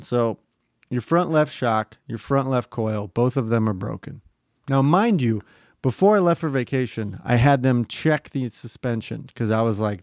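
A man's voice: medium pitch, unhurried, dry recording. Profane storytelling man, dry close sound. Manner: profane, animated, mimics other people in quotes. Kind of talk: casual storytelling chat.

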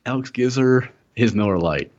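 A man's voice: medium pitch, moderate pace, a little mellow. A young man spins a long tale on a casual podcast. He rambles, swears freely and laughs often. The recording sounds slightly muffled and lo-fi. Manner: rambling, profane, laughing storyteller. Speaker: podcast co-host. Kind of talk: casual storytelling chat.

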